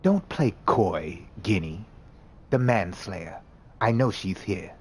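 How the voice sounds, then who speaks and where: A man voicing a cold, imperious female vampire enforcer who speaks slowly and commands. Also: low-pitched, expressive, a little mellow, a little hiss or hum. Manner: slow, clipped, commanding.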